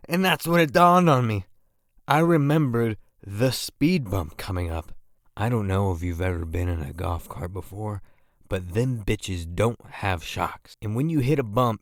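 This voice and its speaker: A man in his twenties tells crude, self-mocking storytime anecdotes for an animation, with sudden loud bursts. His voice sits a little low and sounds smooth and resonant. The recording is close and dry, with no room sound. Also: no room sound. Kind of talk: comedic storytime narration.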